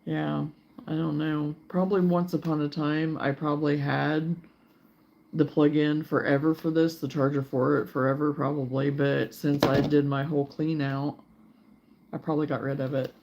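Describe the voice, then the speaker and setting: Brief: woman host, live crafting chat, sleepy and rambling, gravelly edge. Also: deep voice, little pitch movement, normal speed, a little mellow, lo-fi sound, slight background noise. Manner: rambling, chatty, reads viewer comments aloud. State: sleepy, yawning. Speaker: crochet livestream host. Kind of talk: casual livestream chat.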